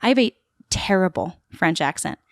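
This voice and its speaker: A woman tells a lively story as a podcast guest. Her voice sits a little low, and her talk runs chatty and full of fillers. The recording is close and dry. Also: moderate pace, gravelly, no echo. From Queens, New York City. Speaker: podcast guest, actor and tour guide. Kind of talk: casual storytelling interview.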